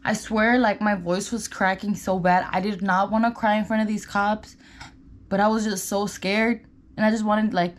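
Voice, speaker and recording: Chatty young woman with roots, high voice. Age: young adult. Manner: chatty, filler-heavy, "like" and "you guys". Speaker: vlogger. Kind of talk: storytime while doing makeup. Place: indoors at home.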